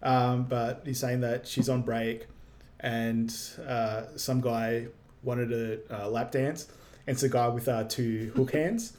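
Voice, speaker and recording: A man co-hosting a casual movie recap podcast, retelling scenes in a loose, relaxed way with many fillers. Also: medium pitch, takes it slowly. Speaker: podcast co-host.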